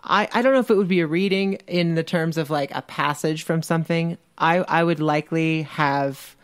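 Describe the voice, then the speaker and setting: A man's voice: on the high side, moderate pace, clean tone, dry recording, clean studio sound. An American man, a podcast guest, talking in a hesitant, rambling way with a teasing edge. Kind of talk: casual podcast conversation.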